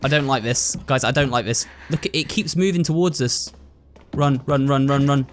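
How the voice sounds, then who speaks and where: A man's voice: mid-range voice, normal speed, soft background music. A man commentating on a horror game, frightened and jumpy, talking to his viewers. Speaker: gamer.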